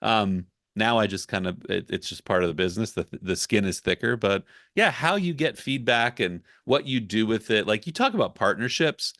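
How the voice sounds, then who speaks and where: A man with a low voice talks through his work in a relaxed podcast chat. He is candid and reflective. His sound is dry and close, with no room around it. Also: moderate pace, hardly any pauses, dry recording. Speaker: ghostwriter guest. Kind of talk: casual podcast conversation.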